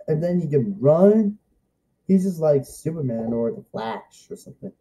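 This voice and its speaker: A young man rambles through an excited review for his vlog, circling back to repeat the same lines. His voice is very dark and mellow, and he talks slowly while his pitch leaps up and down. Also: slight background noise. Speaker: vlogger reviewing a show.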